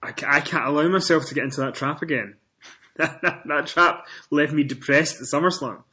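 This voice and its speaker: A man co-hosting a casual wrestling podcast, telling stories with animated swings in pitch and loudness. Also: fairly quick. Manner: animated storytelling, rises in pitch and volume when excited. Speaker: podcast co-host.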